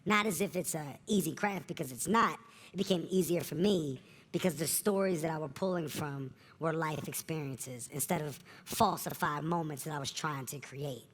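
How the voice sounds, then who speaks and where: A man telling candid stories in an interview as a comedian guest, earnest and animated, at a live event before an audience. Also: a little high, normal speed.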